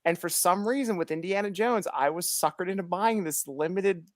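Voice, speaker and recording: A man's voice: high voice, moderate pace, dry recording, studio quality. A man in casual chat who tells stories with lots of energy, acts out the voices of the people he quotes, and laughs often.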